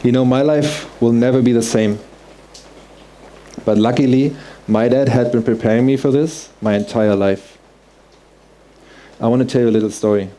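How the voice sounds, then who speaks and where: A man's voice: mid-range voice, moderate pace, pauses often, dark tone. A man telling a personal story on stage, earnest and heartfelt, in vivid present tense. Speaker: speaker.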